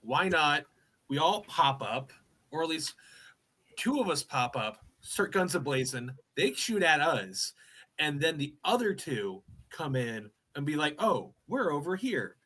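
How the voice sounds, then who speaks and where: A man playing a tabletop game, eagerly pitching tactics to the group. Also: sing-song, a little slow, pushed and bright. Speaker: player.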